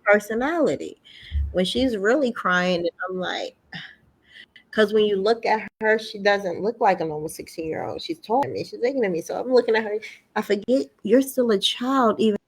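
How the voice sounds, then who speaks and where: A middle-aged woman in casual conversation, telling family stories in an animated way and acting out the voices of others. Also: medium pitch, moderate pace, slightly rough. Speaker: podcast host.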